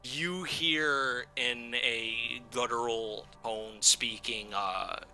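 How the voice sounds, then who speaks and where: A man running a tabletop game as game master, narrating with many halting pauses and fillers. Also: medium pitch, fairly even intonation, loud music behind the voice.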